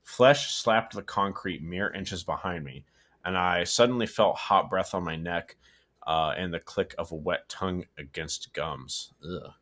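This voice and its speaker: A man's voice: sits low, a little slow, a bit bright. A man casually reading a horror story aloud, stumbling, correcting himself and adding asides. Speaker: story reader and co-host.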